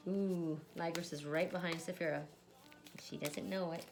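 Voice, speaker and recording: Woman oracle card reader, low voice, chatty and giggly, repeats her stock phrase. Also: fairly even intonation, normal speed, vocal fry, noisy background. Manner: chatty, laughs often, repeats a set phrase. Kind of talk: casual card reading.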